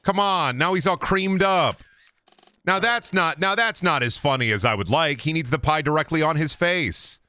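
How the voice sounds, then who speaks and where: A young man giving loose, joking commentary while he plays a video game, rambling and swinging between loud outbursts and low mutters. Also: moderate pace, dry recording. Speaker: gaming streamer. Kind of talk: casual gameplay commentary.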